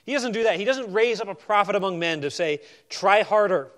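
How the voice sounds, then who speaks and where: A man's voice: high voice, lively intonation, quick pace. Emphatic preacher, man with a raised voice. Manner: expository, swings between emphatic and quiet asides. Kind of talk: sermon.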